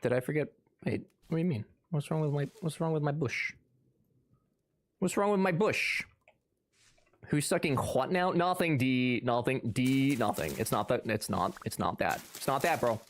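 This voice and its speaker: A man's voice: medium pitch, expressive, moderate pace. A man streaming live, chatting casually and answering his chat with sarcastic, joking banter.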